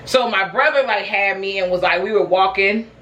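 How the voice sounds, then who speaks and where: A woman vlogger in a chatty mood, telling a story casually to her viewers with frequent laughter. Her voice sits at an ordinary middle pitch. The room around her is echoey. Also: normal speed, a bit bright, dull audio. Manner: chatty, laughs often, addresses viewers as y'all. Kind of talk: casual storytelling while snacking.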